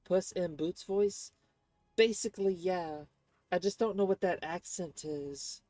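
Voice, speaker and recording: A woman's voice: fairly low pitch, a little slow, mellow, no echo. A woman streaming a game and commenting casually, often rambling and searching for words.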